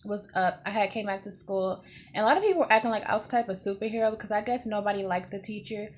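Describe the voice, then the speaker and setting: A young woman vlogger telling a casual storytime, animated and swearing, acting out what people said. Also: mid-range voice, fast, a little hiss or hum. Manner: animated, swearing, acts out quotes.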